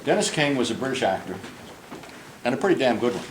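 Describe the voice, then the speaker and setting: The older man here, a portrait painter, gives a group a tour of a club room while telling a long, humorous anecdote that keeps wandering off track, performing the voices he quotes. His medium-pitched voice swings widely in pitch and moves fast, with background noise present.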